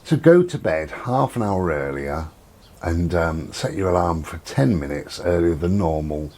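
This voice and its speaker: This middle-aged male vlogger talks in a low-pitched voice at a measured pace, rambling casually about his day at home. He sounds relaxed and chatty, dropping plenty of ums, with the door and window open around him.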